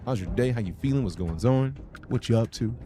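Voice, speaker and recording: A man's voice: mid-range voice, expressive, brisk, dark tone, a little hiss or hum. A young adult man streaming a game live, chatting casually, with profane, joking commentary and sudden sing-song bursts. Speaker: gaming streamer.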